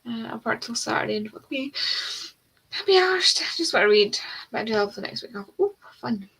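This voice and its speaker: A woman's voice: on the high side, fast talker, vocal fry, a bit bright, slightly rough, low-quality recording. A young adult woman hosting a livestream in casual chat, rambling with frequent ums and the odd swear word. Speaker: livestream host of reading sprints.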